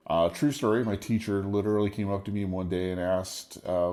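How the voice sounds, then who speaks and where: A man in his forties hosting a casual solo podcast, rambling in a wry, stream-of-consciousness way with a deep radio voice. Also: fast talker, few pauses, a little mellow, faint music behind. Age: 40s. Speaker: podcast host.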